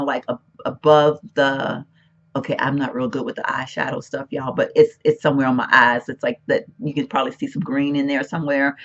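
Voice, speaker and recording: Hoarse chatty woman beauty vlogger. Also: rumbling low, lo-fi sound. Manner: rambling, chatty, self-interrupting. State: hoarse, voice cracking. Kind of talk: casual makeup chat. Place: room at home, once a bedroom.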